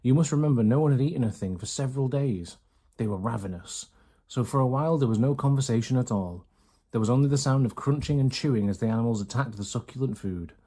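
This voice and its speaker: A man reading a children's storybook aloud in a steady, even storytelling manner. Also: mid-range voice, quick pace. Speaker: reader.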